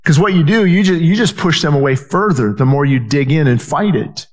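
A man's voice: a little high, lively intonation, fairly quick, darkish tone. A man preaching a sermon as pastor, earnest and repetitive, often restarting his phrases and acting out the people he quotes.

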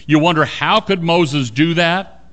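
Earnest male preacher delivering a sermon. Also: measured pace. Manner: earnest, emphatic, drops low and quiet for stress.

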